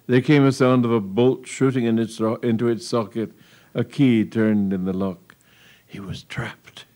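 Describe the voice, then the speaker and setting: A man's voice: medium pitch, steady tone, normal speed, mellow. A man reading a humorous story aloud in a wry, amused storytelling manner. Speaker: narrator. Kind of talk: audiobook reading of a comic tale.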